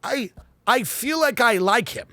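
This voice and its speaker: A man's voice: extremely high pitch, animated, a little slow, pushed and bright, no room sound. A man hosting a podcast, reading news aloud and riffing on it with sarcastic, mock-earnest comedy. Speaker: podcast host.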